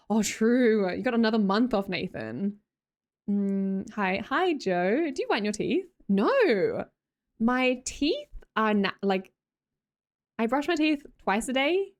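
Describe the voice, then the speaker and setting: A woman's voice: medium pitch, animated, moderate pace. A young Australian woman live streaming, chatting casually with her viewers and reading their messages aloud. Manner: chatty, laughs often, reads chat aloud.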